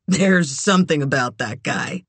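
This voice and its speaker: A narrator voicing a self-assured male con man in an audiobook, with a low, drawling, easygoing manner. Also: unhurried, no echo. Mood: amused.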